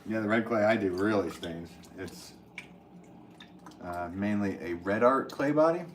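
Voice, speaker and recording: Low-voiced man chatting while throwing pots. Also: measured pace, slight background noise. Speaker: potter streaming live. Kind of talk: casual live-stream chat while working. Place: pottery studio.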